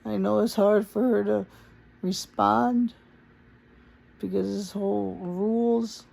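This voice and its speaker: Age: adult. Sex: man. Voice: gravelly. Style: casual personal video message, earnest and rambling, slipping in Spanish. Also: high-pitched, steady tone, slow pace, darkish tone. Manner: earnest, rambling, mixes Spanish into his English. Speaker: vlogger addressing his partner.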